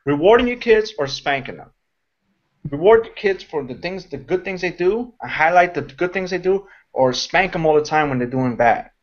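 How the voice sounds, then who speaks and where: Man, team mentor, casual motivational rambler, higher pitch, lo-fi call audio. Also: normal speed. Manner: animated, rambling, mocks shouting voices. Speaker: network marketing mentor.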